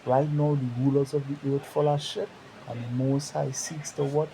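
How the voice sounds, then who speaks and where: A man's voice: medium pitch, fairly even intonation, normal speed, warm tone, slight background noise, poor audio. A man leading a bible study discussion, reading scripture aloud and asking rhetorical questions.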